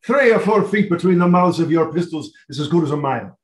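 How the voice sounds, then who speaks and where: A man's voice: on the high side, expressive, fast. A man reading a part aloud in a live play reading, confident and bantering. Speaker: volunteer reader playing Sir Lucius. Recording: echoey room.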